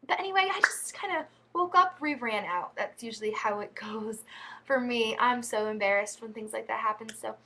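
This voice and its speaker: Giggly rambly woman vlogging, kinda high voice, really bright and crisp. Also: lively intonation, measured pace. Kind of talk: casual storytelling to camera.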